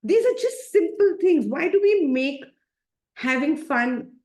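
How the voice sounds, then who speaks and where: A woman's voice: high-pitched, expressive, measured pace, dark tone. A woman, a happiness coach giving a chatty, playful self-care talk over a video call, often laughing and coaxing her listeners.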